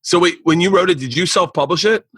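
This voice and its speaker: A middle-aged man hosts a casual podcast chat with a bright, forceful voice. He tells stories with lots of swearing and acts out everyone he quotes. The sound is dry and close. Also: high voice, quick pace, breathy edge, no echo. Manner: animated storyteller, acts out quotes, swears a lot. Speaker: podcast host. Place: living room of a house.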